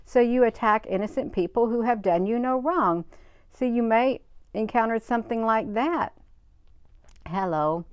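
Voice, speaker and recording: This livestream host speaks in a fairly high, clean voice at a measured pace, and the recording is dry. She chats casually with her audience and responds to their comments, repeating herself in quick, emphatic bursts to make her points stick.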